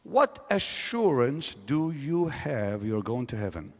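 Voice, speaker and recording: A male pastor preaching with a very lively, swooping pitch that leaps up on questions and sinks low on answers. He speaks slowly and deliberately. His voice rings out with a long hall reverb. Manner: emphatic preaching with sudden rises and drops. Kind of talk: sermon. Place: large hall.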